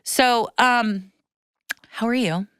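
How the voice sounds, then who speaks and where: Woman telling a story with smooth tone. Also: a little high, extremely slow, no room sound, studio quality. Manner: animated storytelling, breathless retelling with frequent restarts; swears casually. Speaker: podcast host. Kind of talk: casual chat.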